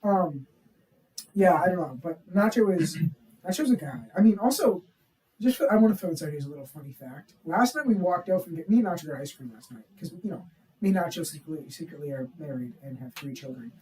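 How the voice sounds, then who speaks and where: A man co-hosting a casual podcast chat, joking loudly, swearing and acting out other people's voices. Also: a little high, lively intonation, a little fast, recorded from a distance. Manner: loud, jokey, acts out voices, swears. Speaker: podcast co-host. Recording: roomy sound from off-mic.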